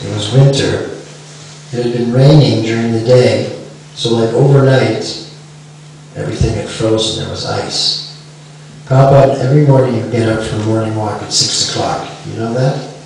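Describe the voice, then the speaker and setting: Middle-aged man lecturing in an echoey room. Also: fairly low pitch. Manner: chants the mantra softly between remarks; asks the listeners questions. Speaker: devotional speaker. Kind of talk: devotional lecture with storytelling. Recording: echoey room, far from mic, faint hiss.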